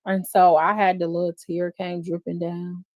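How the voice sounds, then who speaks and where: This woman, a defense attorney hosting a live stream, discusses a court case in a lowish voice at a moderate pace, with dull-sounding audio. Her delivery is emotional and expressive, broken up by frequent sighs.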